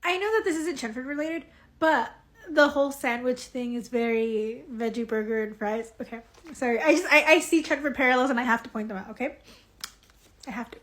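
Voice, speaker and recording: A woman's voice: on the high side, fairly quick, fairly bright tone. A woman hosting a casual reaction video, chatty and emotional, swearing and laughing as she comments.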